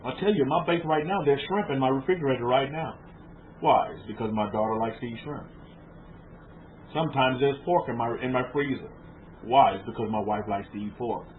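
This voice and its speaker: A man's voice: medium pitch, lively intonation, normal speed. Man preaching over a tinny line. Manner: informal, rhetorical questions to listeners, repeats words. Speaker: rabbi teaching a congregation. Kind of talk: conversational sermon lecture. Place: room with a small group of about twelve. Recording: tinny phone-like lo-fi with faint noise.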